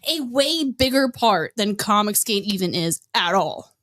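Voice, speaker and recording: A woman's voice: mid-range voice, expressive, a little slow, fairly bright tone. A woman hosting a podcast, ranting in a blunt, profane and sarcastic casual way. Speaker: podcast host.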